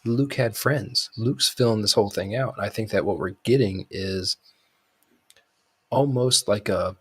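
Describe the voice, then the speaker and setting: A man's voice: lowish voice, measured pace, fairly bright tone, husky. A man co-hosting a podcast, talking in a rambling way with many fillers and restarts. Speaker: podcast co-host. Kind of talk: casual chat.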